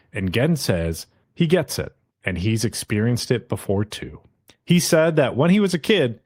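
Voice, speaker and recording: Animated man recapping an anime. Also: medium pitch. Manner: animated retelling, acting out characters' lines; swears casually. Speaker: podcast host recapping an episode. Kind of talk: casual recap chat.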